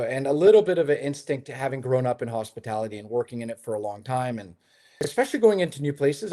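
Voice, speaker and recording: Guy w/ a middle-pitched voice chatting on a remote interview, rambly, lots of ums and restarts. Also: mellow. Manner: chatty storyteller, many fillers and restarts. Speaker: hotel developer, interview guest. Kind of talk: casual conversational interview. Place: his home in Lisbon.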